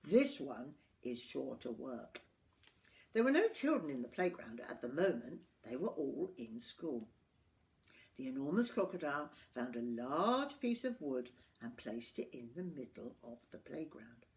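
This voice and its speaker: Older woman storyteller, lowish voice, animated reading. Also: moderate pace. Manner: expressive, with asides to the listener.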